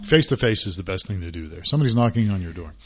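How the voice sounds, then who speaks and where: A man's voice: deep voice, lively intonation, very fast, faint music behind. A middle-aged man co-hosting a casual podcast about church life, chatty and self-deprecating. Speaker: podcast co-host.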